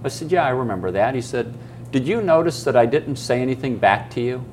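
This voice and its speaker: A man's voice: medium pitch, animated, brisk, a little mellow, slight background noise. A man giving a live coaching seminar, who keeps asking the room questions and acts out little stories. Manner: emphatic, asks the audience questions and acts out stories. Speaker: business coaching speaker. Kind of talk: live seminar talk to an audience.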